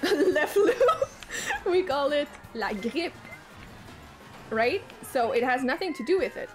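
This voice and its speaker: A woman's voice: high-pitched, very animated, slow, faint music behind. Giggly young Quebecois woman streaming a game. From Quebec, Canada. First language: Quebec French. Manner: rambling, self-mocking, swears freely, giggly. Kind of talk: casual gameplay chat.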